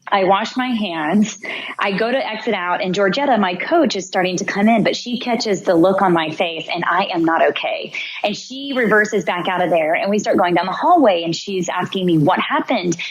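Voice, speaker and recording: A woman's voice: medium pitch, expressive, fairly quick, slight background noise, rough recording. A young woman, a podcast guest, telling a personal story vividly and acting out her own thoughts. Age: young adult. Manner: vivid narration, acts out her own inner voice.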